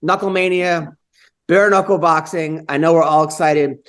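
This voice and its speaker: A man co-hosting a podcast who tells quick, animated stories in casual chat. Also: on the high side. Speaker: podcast co-host.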